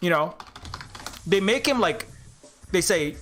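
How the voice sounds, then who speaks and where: Man, commentary vlog, rambling, high pitch, faint music underneath. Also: lively intonation, slow pace, fairly bright tone. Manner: rambling, many fillers and restarts. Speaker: game developer and commentator.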